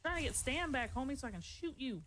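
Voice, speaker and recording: A playful woman streams a game and chats away with her viewers in a fairly high voice. She talks fast and easily, and at times breaks into yelps of alarm. A faint hiss of noise sits under her voice. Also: expressive, a bit bright. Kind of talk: casual live-stream chat while gaming.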